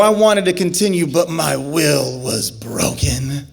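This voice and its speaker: A young adult man telling a personal story on stage, acting out the dialogue with big, animated swings that climb into high, excited shouts. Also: measured pace, gravelly, hardly any pauses.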